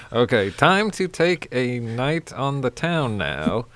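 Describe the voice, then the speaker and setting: A man's voice: mid-range voice, very animated, fairly bright tone. A man on a podcast, talking casually and hesitantly. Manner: hesitant, halting with fillers. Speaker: podcast co-host.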